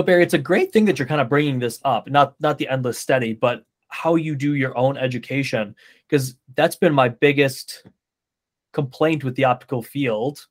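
A man hosting a podcast on eyewear, talking in a relaxed, frank and agreeable way. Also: mid-range voice. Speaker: podcast host, optician. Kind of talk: casual podcast conversation.

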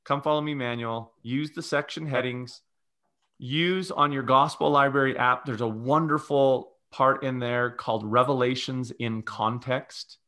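Guy guest on a podcast, bright forceful voice, explains stuff step by step like a teacher. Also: mid-range voice, steady tone, a little slow. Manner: teacherly, lays out numbered steps. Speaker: guest religious educator. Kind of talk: podcast conversation.

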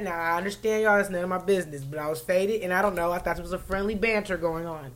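Loud, profane woman telling a story. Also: lowish voice, fast talker, few pauses. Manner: animated, profane, swings into loud laughing bursts. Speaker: podcast co-host telling a story. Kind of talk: casual storytelling chat.

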